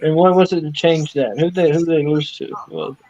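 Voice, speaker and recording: A man's voice: a little high, steady tone, moderate pace, mellow. Blunt swearing man on a dull stream. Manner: blunt, swears casually, voices his own reactions. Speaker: podcast co-host. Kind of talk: casual chat during a wrestling watch-along. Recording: slightly dull lo-fi stream audio.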